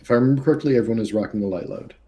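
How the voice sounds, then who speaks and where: A man running a tabletop game over a video call, explaining the rules in a relaxed, rambling way. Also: medium pitch, racing. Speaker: game master.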